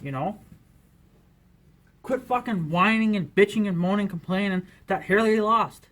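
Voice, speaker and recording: A man with a fairly high voice delivers a heated rant straight to camera as a vlogger. He swears constantly and circles back to "you know" again and again. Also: moderate pace, pauses often, fairly bright tone. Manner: profane and heated, filler-heavy with repeated "you know". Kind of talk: angry political rant to camera.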